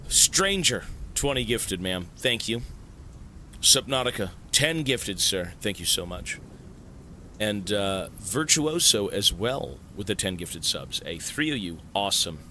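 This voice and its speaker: A man live-streaming a game, thanking viewers in casual chat, excitable and swearing, often shouting in surprise. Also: fairly low pitch, a little slow, a little hiss or hum. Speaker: Twitch streamer.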